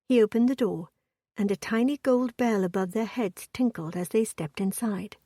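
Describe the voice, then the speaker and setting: A woman narrating a period romance audiobook in an even, measured storytelling voice. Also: mid-range voice, no echo, studio quality.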